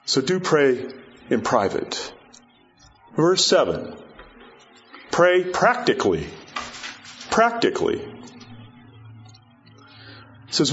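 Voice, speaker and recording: A man preaching a sermon as a pastor, talking in a loose, conversational way with many fillers and animated storytelling. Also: on the high side, slow, long pauses. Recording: dull lo-fi sound.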